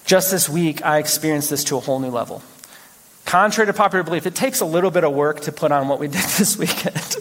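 A man preaching a sermon as pastor, telling stories with animated, rising exclamations. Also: fairly high pitch, fast talker, slight background noise. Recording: long hall reverb.

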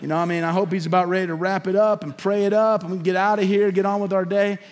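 A male pastor delivering a sermon in a church sanctuary. He pushes up to loud, emphatic peaks, then falls back to hushed, intimate asides. His voice sits high and carries a long reverb tail from the hall. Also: little pitch movement, fast talker. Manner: preaching with swelling emphasis and sudden drops to a hush.

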